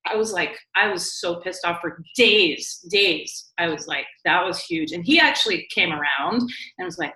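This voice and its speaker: A woman co-hosting a casual talk show, telling a story in a lively, quick way with lots of "like" and "you know". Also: lowish voice. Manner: animated, quick storytelling with many likes and you knows. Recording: echoey room.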